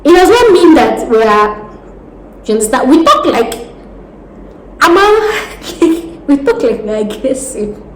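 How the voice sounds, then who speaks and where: Animated Nigerian woman, roomy echo. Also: sits high, moderate pace. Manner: animated, talks with her hands, laughs often. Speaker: vlogger giving job advice. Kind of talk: casual advice vlog. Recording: roomy echo with faint background noise.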